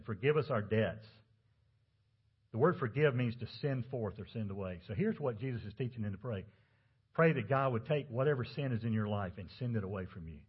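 Guy pastor preaching a sermon, kinda husky and low, dull lo-fi audio, asks the room questions a lot. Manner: conversational preaching with rhetorical questions.

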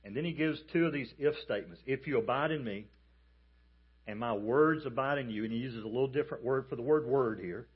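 A man preaching a sermon as a pastor, emphatic and animated as he tells a story. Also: medium pitch, a little fast, husky, narrow, tinny audio. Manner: emphatic, animated storytelling with calls for the congregation to repeat.

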